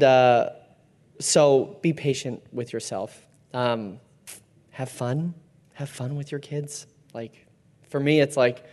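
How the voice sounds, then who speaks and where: A man's voice: mid-range voice, darkish tone. A man in his thirties, a parent and regular leader of a small church group, talking loosely with many fillers and restarts. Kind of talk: casual faith talk to a group.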